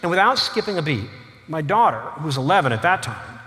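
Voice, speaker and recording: Animated, high-voiced male author. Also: fast talker. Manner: animated, chuckling asides, frequent "you know". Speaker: author giving a lecture. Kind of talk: humorous storytelling lecture. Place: large lecture hall. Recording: long hall reverb, faint noise.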